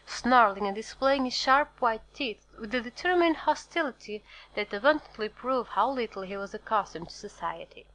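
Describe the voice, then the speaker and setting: A woman narrating a classic novel as an audiobook in a steady, measured storytelling voice. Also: a little high, poor audio. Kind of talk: scripted narration.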